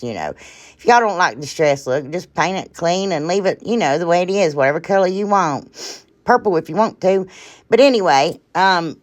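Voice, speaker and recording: Brief: woman host, low voice, loose rambling craft tutorial talk, keeps saying y'all and sorry. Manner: rambling, chatty, often trails off and apologizes; addresses viewers as y'all. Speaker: DIY crafting channel host. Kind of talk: casual craft tutorial narration.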